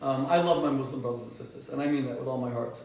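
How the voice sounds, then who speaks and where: A man, a rabbi hosting his own show, telling stories with animated, emphatic delivery and frequent restarts. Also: fast, gravelly, heavy reverb, recorded from a distance, a little hiss or hum, poor audio. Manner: animated, emphatic, rises sharply in pitch when stressing points, frequent restarts. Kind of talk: impassioned storytelling monologue.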